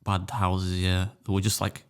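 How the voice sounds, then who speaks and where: A man's voice: sits low, monotone, normal speed, smooth. A man, co-hosting a podcast, blunt and sweary with dry teasing. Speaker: podcast co-host. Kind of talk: casual chat.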